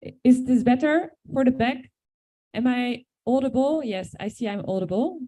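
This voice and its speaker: A woman chairing a large meeting and calling the roll in a brisk, procedural way. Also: on the high side, mellow, no room sound.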